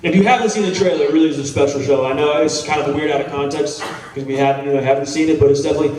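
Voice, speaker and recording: A man in his thirties tells stories to a convention crowd in a relaxed, chatty way, poking fun at himself. His voice sits a bit high. It rings through a big echoey hall, picked up from some distance. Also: rapid-fire, background noise. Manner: laid-back, chatty, self-deprecating, swears casually. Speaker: actor answering fan questions on a panel. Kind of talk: casual storytelling Q&A.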